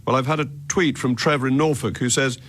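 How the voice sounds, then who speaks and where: A man hosting a radio phone-in who talks briskly and in a clipped way, with dry sarcasm under his politeness. Faint clicks sit behind his mid-pitched voice. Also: fairly even intonation, a bit bright, a little hiss or hum.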